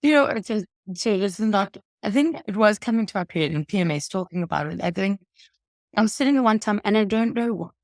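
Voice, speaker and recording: A woman's voice: mid-range voice, expressive, fast, no echo. A woman in her late twenties hosting a casual chat, telling stories animatedly and laughing often. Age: late 20s. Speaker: podcast host.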